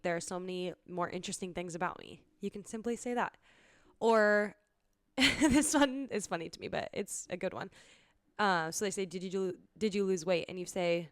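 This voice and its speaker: Smooth-voiced young woman podcast host. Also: on the low side, moderate pace, no echo, clean studio sound. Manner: casual, earnest, laughs often. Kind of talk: solo podcast talk.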